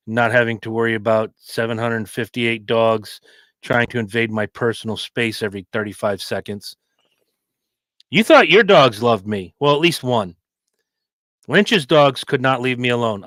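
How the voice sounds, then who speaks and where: A man's voice: mid-range voice, fairly bright tone, no echo. A worn-out man co-hosting a podcast, bantering in a wry, laid-back way. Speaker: podcast co-host. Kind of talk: casual chat.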